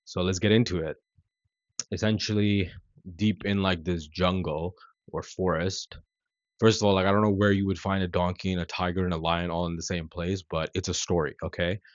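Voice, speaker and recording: Deep-voiced man telling a story casually. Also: normal speed, no echo, highs cut off. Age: 30s. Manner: relaxed and conversational, full of "like" and "you know". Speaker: vlogger.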